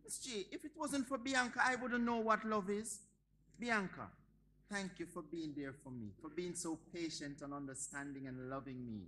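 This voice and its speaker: A solemn, pious young suitor. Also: male voice, sits high, moderate pace, pushed and bright, a little hiss or hum. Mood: earnest. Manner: solemn and formal. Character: earnest young man, reformed convert, formal and pious. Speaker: actor in a comedy stage play.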